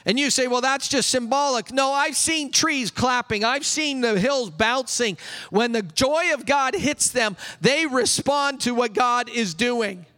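A male pastor preaching an exuberant sermon. He bursts into yelling at times and leads the congregation in call-and-response. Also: very high voice, measured pace, big-room sound. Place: church sanctuary.

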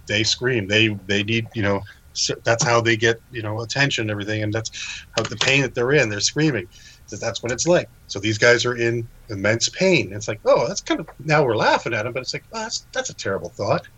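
Man, podcast co-host, husky voice, animated and quick to laugh. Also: medium pitch, poor audio. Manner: laughs often, acts out quotes. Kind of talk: casual film discussion.

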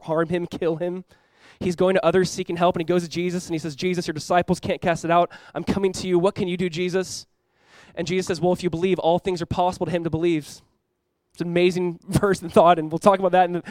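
A young adult male pastor from Southern California preaching a sermon, telling a story in a quick, animated way and acting out the voices he quotes. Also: high voice, dry recording.

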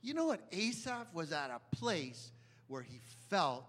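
Bright high-pitched male preacher. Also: very animated, a little slow. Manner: emphatic, dramatic swings from loud to hushed, asks the audience questions. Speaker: pastor. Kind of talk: sermon.

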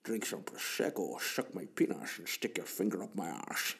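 Man doing a slow, lisping, slurred impression of a suave film star, dropped low. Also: sing-song, vocal fry, fairly bright tone, heavily acted. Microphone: podcast microphone.

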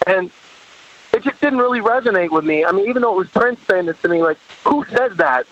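A man with a high voice tells a long story as an interview guest. He laughs often, acts out the voices of others, and sounds dull and lo-fi. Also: animated, quick pace, a bit bright, slight background noise. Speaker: guest musician, horn arranger.

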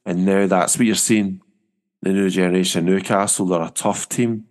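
A man's voice: low voice, steady tone, normal speed, darkish tone. A man hosting a casual football podcast, rambling and chatty with frequent restarts. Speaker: podcast host.

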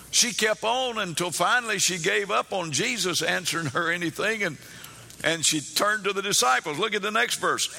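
Preaching a sermon in a hall with long reverb, a man with a high, sharp voice tells Bible stories. He acts out the characters' pleas in a raised voice.

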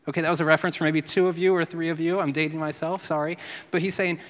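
Man, pastor, sermon, lively teaching, hushed quotes, long hall reverb. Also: a little high, quick pace.

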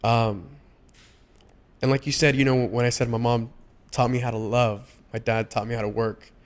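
A young adult man sharing personal stories in a casual, heartfelt conversation, often pausing and restarting his sentences. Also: mid-range voice, fairly even intonation. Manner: halting, many restarts and fillers.

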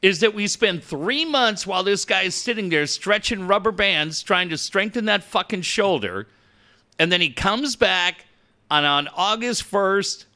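A boisterous, profane man co-hosting a sports podcast, his voice swinging widely in pitch. It has a bright, forceful edge. He rants in casual, animated talk. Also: measured pace.

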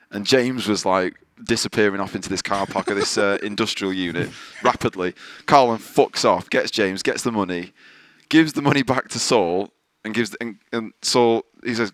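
A man's voice: lowish voice, moderate pace, fairly bright tone, no room sound. A man hosting a podcast, telling a long story in casual chat, swearing freely and acting out what others said. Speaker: podcast host. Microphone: podcast microphone.

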